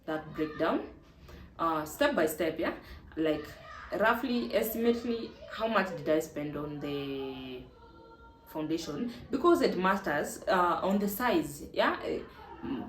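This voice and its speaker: A woman with a Kenyan accent, hosting a casual advice vlog in a chatty, emphatic way. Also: deep voice. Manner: chatty and emphatic, mixing in Swahili. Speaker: vlog host. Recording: echoey room with faint ambient noise.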